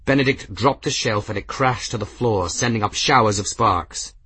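Man, audiobook narrator, low voice, husky tone, dry close sound, dramatic storytelling. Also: normal speed, bright, forceful tone, dry recording, rough recording.

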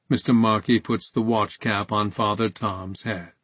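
Male audiobook narrator, slow and measured, husky. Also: on the low side, fairly even intonation, fairly bright tone, no room sound. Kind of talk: scripted narration.

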